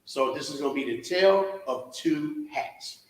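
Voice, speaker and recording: A man's voice: fairly high pitch, big pitch swings, a little slow. A man from Alabama, joking with the crowd while speaking at a live hotel event. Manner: joking, talks straight to the crowd. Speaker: guest speaker presenting an album. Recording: echoey hall.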